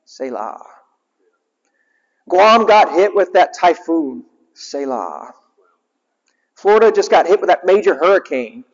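A male chaplain giving a sermon, speaking in a fairly high voice. He keeps things conversational and questions the congregation directly. The recording sounds muffled, with a long echo through the hall. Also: lively intonation, moderate pace, few pauses.

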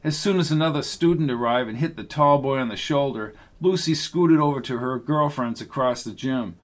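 A man reading an audiobook in steady scripted narration. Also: mid-range voice, moderate pace.

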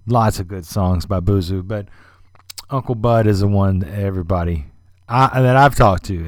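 A man's voice: on the low side, no echo, studio quality. A man hosting a music podcast, talking in a chatty, rambling way with lots of fillers and asides. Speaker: podcast host. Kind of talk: casual radio-style music commentary.

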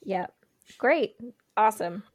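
A woman's voice: medium pitch, animated, slow, no echo, clean studio sound. A woman playing a tabletop game, chatting casually with jokes and swearing. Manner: casual, joking, swears freely. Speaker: player. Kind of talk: casual tabletop play chat.

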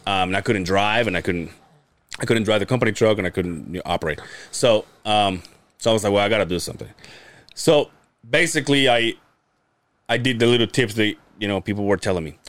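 On a podcast, a co-host with a lowish, fairly bright voice speaks a little fast, telling a long, crude, rambling story and laughing often. No echo is present.

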